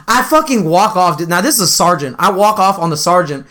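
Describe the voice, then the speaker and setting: Brief: relaxed, swearing male co-host spinning a long story, slightly higher pitch. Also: a little fast. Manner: laid-back, profane, laughs while telling stories. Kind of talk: casual storytelling chat.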